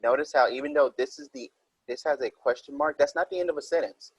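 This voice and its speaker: Male teacher, husky voice, dry close recording, patient step-by-step explaining. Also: mid-range voice, fast, no room sound, poor audio. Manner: explains step by step, reads example sentences aloud. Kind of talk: recorded writing minilesson.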